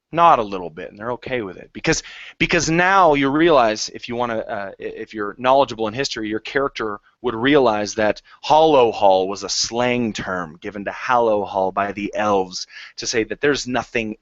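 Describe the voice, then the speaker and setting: Low-voiced man as game master. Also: a bit bright, no echo. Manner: descriptive, measured narration. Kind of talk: narrating a tabletop game. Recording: dry lo-fi recording.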